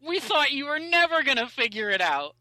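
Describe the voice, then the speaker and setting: A man's voice: extremely high pitch, sing-song, a little fast, pushed and bright, dry recording, pitched above the performer's own voice, full character voice, poor audio. A man voicing a friendly, male, blue-skinned alien who hosts a council and speaks casually and reassuringly, heard as he retells a story. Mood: teasing relief.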